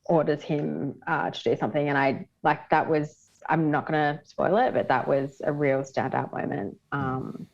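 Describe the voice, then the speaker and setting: Low-voiced woman reviewing a film. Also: fairly even intonation, moderate pace, gravelly, lo-fi sound. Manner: chatty, many ums and restarts. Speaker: pop culture correspondent. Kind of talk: casual podcast film review.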